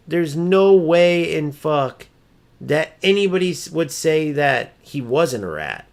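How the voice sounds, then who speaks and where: Male streamer, fairly high voice, heated mocking rants during live gameplay, salty and profane. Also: animated, slow pace, vocal fry. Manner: ranting and mocking, swears freely; mimics opponents in a high sneering voice. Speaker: gaming streamer. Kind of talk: live gameplay commentary and chat.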